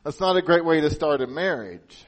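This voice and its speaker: A man preaching a sermon as pastor. He speaks earnestly and drops to a hushed, solemn tone for emphasis. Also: a little high, lively intonation, moderate pace, rough recording.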